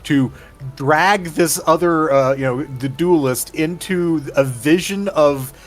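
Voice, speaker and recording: A man's voice: fairly high pitch, takes it slowly. A man co-hosting a livestream, eagerly retelling a memorable scene in casual chat. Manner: animated storyteller, recounts scenes with acted quotes. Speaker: livestream co-host.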